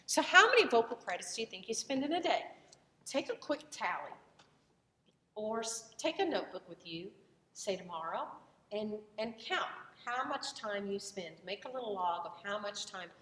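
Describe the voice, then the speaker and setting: A woman with a Southern American accent, a voice teacher lecturing in a relaxed, conversational way with frequent fillers and restarts. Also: mid-range voice, moderate pace, slight background noise. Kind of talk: recorded lecture. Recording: echoey room, voice from far off the mic.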